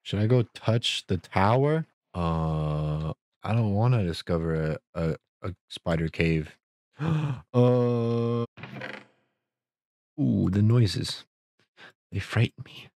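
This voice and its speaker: A young man narrating his own video game run in a playful, easily spooked way, gasping at surprises and joking to himself. His voice leaps up and down, while the pace stays slow and drawn out. The sound is dry and close, with no room echo. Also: on the low side, animated, darkish tone. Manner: goofy, easily startled, jokey self-talk with gasps. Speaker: gaming YouTuber. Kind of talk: Minecraft let's play commentary.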